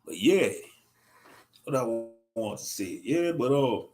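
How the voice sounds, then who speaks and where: A man's voice: mid-range voice, lively intonation, slow pace, long pauses, a little mellow. A man in his thirties giving a profane, mocking, rambling commentary on a livestream. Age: 30s.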